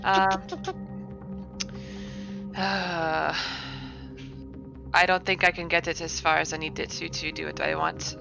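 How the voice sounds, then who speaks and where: A woman's voice: on the low side, gravelly, lo-fi sound. A woman playing a tabletop game, describing her moves carefully and hesitantly. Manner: careful, hesitant, thinks aloud. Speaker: player.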